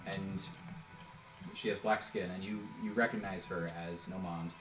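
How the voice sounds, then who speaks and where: A man narrating as game master of a tabletop game, halting, with many fillers and restarts. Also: low-pitched, fairly even intonation. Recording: roomy, distant mic, music behind.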